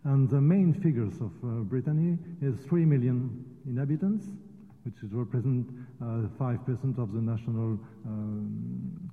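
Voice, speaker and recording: A man's voice: medium pitch, a little slow, gravelly. Man, French accent, non-native speaker, conference talk, hesitant with fillers, echoey hall, tinny phone-like sound. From France. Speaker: guest speaker, university vice rector. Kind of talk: conference presentation. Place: conference room.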